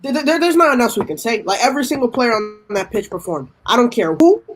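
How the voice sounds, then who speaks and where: A man's voice: very high voice, sing-song, quick pace, fairly bright tone, poor audio. A man on a fan panel giving a passionate live match reaction, emphatic and repeating himself.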